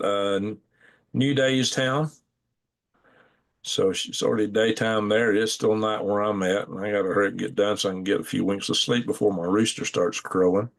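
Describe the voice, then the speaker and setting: Gravelly low-voiced folksy man rambling. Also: steady tone, moderate pace. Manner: rambling, folksy, thinks aloud while clicking through maps. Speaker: channel host. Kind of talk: casual live-stream commentary. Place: home at night.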